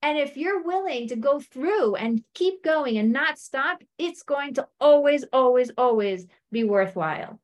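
A woman giving a motivational talk on marriage to a women's group, lively and conversational, acting out quoted voices and often checking in with "okay?". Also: high voice, unhurried, hardly any pauses. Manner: animated, acts out quoted voices, frequent "like" and "okay?". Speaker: speaker addressing a women's group.

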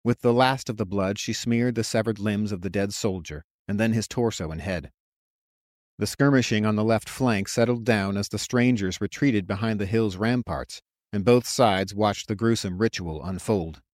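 A man narrating a fantasy novel as an audiobook, in a measured storytelling manner on a close mic. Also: on the low side, darkish tone, dry recording.

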